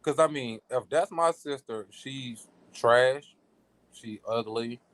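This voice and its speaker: A man's voice: mid-range voice, takes it slowly, no echo. A man on a live panel giving his opinions in casual, informal talk. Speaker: panel guest. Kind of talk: casual chat.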